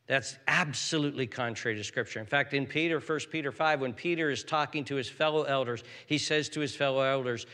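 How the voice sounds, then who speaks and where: An older man preaching a sermon as pastor, swinging between hushed, whispered lines and loud, emphatic exhortation. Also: mid-range voice, brisk, hardly any pauses, long reverb tail.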